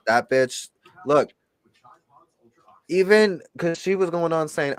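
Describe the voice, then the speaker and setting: A man's voice: medium pitch, expressive, a little slow, long pauses, no echo. A young adult man chatting casually as a shop owner, blunt and gossipy with a sassy edge. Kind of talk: casual chat.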